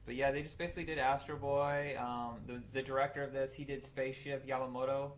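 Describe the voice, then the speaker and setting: A man's voice: mid-range voice, level tone, slight background noise. A man co-hosting a casual podcast, thinking aloud and correcting himself as he talks about old cartoons. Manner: quick-talking, musing aloud with self-corrections. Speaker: podcast co-host. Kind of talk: casual chat.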